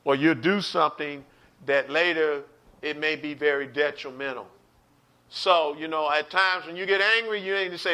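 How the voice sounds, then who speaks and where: A man preaching an online Bible study, animated, repeating words and calling out to his listeners. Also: fairly high pitch, moderate pace. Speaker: pastor teaching a Bible study.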